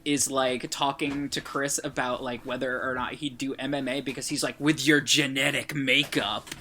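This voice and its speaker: Male podcast guest, casual chat; bright, sharp tone, loose rambling delivery with fillers and swearing. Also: medium pitch, level tone, moderate pace, slight background noise. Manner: rambling plot recap full of fillers and swearing.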